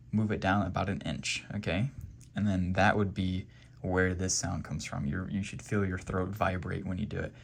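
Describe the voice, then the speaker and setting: A man's voice: sits low, creaky. A man teaching Quran reading step by step, patiently repeating letter sounds and checking in with "okay?". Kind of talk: step-by-step pronunciation lesson.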